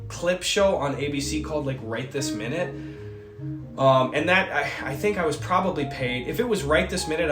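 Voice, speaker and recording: A man in his twenties chatting casually on a stream, telling a story in a rambling, animated way. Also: medium pitch, echoey room. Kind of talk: casual chat. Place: indoor streaming room.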